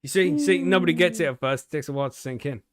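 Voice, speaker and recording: A man's voice: a little high, very fast, over a noisy crowd. Laughing, foul-mouthed man telling jokes. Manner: laughs at his own jokes, swears freely. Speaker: podcast co-host. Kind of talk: casual chat, telling jokes.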